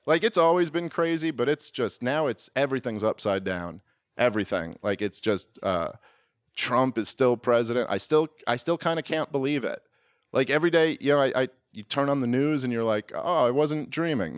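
A man's voice: mid-range voice, clean tone, dry recording, clean studio sound. A man in his thirties doing a stand-up comedy set, rambling and self-deprecating, often restarting his sentences and acting out little exchanges.

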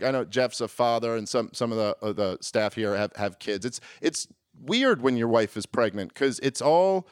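A man in his thirties doing a stand-up comedy set, rambling and self-deprecating, often restarting his sentences and acting out little exchanges. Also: medium pitch.

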